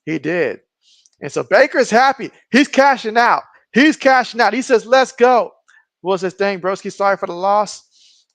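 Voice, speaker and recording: Dude on a live sports stream, high voice, dry close mic, reads chat comments out loud, gets hyped on big plays. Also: male voice, animated, moderate pace, no echo. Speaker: live stream host doing play-by-play.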